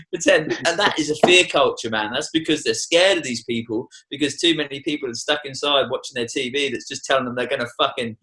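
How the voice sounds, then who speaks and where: A young Australian man, a tour guide by trade, speaks as a podcast guest with a bright, forceful, mid-range voice. The casual conversation finds him passionate and preachy, cursing heavily, captured on a low-quality recording.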